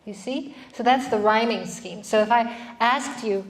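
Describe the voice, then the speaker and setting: A woman's voice: on the high side, moderate pace. A woman giving a classroom lecture on poetry, explaining patiently and putting questions to her students.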